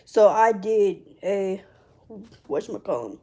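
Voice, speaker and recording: A young woman talking to her vlog camera, halting and restarting as she fights back tears. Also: on the low side, warm tone, husky. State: tearful. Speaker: vlogger. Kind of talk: emotional personal vlog.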